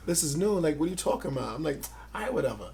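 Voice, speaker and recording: A man in his forties from Grenada, telling his life story as an interview guest, loud and excited, acting out what others said. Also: a little high, very fast, vocal fry, a little hiss or hum. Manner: animated, acts out quotes, loud and excited.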